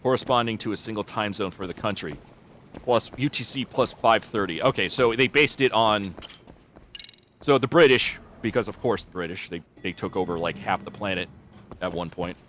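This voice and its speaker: A man chatting live while streaming a game, thinking aloud as he goes. His voice sits fairly low. He rambles and restarts his sentences often. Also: moderate pace, a bit bright, slight background noise. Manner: rambling, with many fillers and restarts. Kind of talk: live gameplay commentary.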